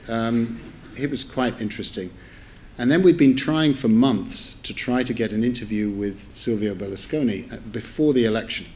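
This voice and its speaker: A middle-aged newspaper editor, speaking on the low side with a creaky voice, rambles through an amused anecdote at a public lecture. Chatty and self-interrupting, he corrects himself and adds asides before an audience in a lecture theatre, with a little hiss or hum.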